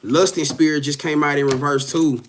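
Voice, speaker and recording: Speaking at normal speed with a fairly high, fairly even voice, a man reads tarot live while background noise plays. His style is casual, profane and emphatic; he talks directly to viewers, repeats things and laughs a lot.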